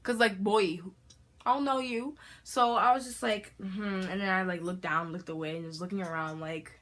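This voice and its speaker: A teenage girl vlogger telling a storytime tale in a dramatic, animated way, full of slang. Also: medium pitch, normal speed. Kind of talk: storytime vlog.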